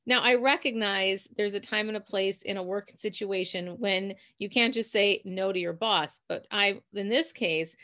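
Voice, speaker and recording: A woman's voice: mid-range voice, moderate pace, hardly any pauses, bright, forceful tone. Chatty Minnesotan woman giving advice. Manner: chatty, self-deprecating, laughs at herself. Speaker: podcast host. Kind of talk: motivational talk to listeners.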